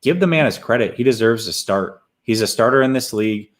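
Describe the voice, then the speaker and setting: A man's voice: mid-range voice, lively intonation, a little fast. A man co-hosting a casual sports talk show, giving blunt, emphatic opinions.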